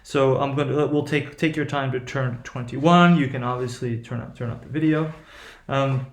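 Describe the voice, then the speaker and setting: A man's voice: mid-range voice, fairly even intonation, normal speed. A man with an American accent teaching a class on intonation, hesitant, with many fillers and frequent "right?" checks. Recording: echoey room.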